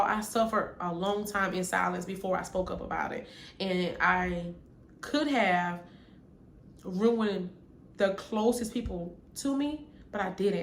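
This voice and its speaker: A woman's voice: mid-range voice, a bit bright. A young adult woman, talking to camera in an earnest, casual story-time vlog and repeating phrases for emphasis. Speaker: vlogger. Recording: echoey room with faint background hum.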